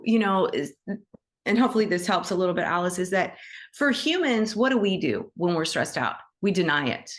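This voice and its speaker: A woman with a somewhat low, calm voice speaks over a video call. She leads an animal Reiki session and tells stories with gentle enthusiasm, often adding "you know" and "right?". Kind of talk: casual teaching chat on a video call.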